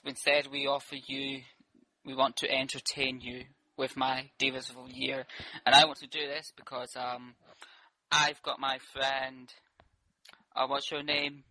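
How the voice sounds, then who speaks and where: Comedian doing a bright, steady-pitched Scottish wrestler impression, rambling braggart, stop-start delivery. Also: male voice, dry recording. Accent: attempted Scottish.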